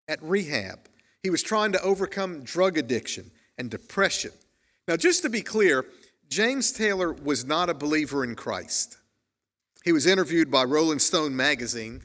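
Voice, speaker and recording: A man's voice: a little high, fairly bright tone. A man preaching a sermon as pastor, telling stories in an earnest way and reading quotations aloud. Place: church sanctuary. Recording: long church reverb.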